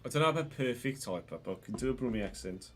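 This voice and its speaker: A man with a cough, streaming a football game and commentating live, excitable and swearing freely while chatting to viewers. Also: medium pitch, fast, faint music behind. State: unwell, coughing. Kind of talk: live gameplay commentary and casual chat.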